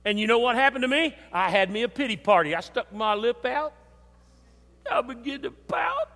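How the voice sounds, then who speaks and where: An older man preaching a sermon in a church, emphatic, with swings between loud and soft. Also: very high-pitched, expressive, moderate pace. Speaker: pastor. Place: church sanctuary. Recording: long hall reverb.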